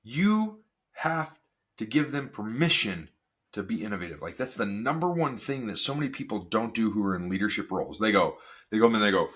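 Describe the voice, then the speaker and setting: A man hosting a casual solo podcast, energetic and full of rhetorical questions. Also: fairly low pitch, a little fast, husky. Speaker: podcast host.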